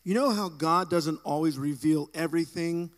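Wry male associate pastor, light-pitched, live in a reverberant sanctuary. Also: moderate pace. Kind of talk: onstage banter. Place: church sanctuary. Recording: live church hall reverb.

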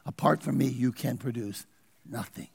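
A man's voice: mid-range voice, moderate pace, gravelly, slightly rough, in a large hall. A man preaching a sermon as pastor, asking his congregation questions and pressing his points. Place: church.

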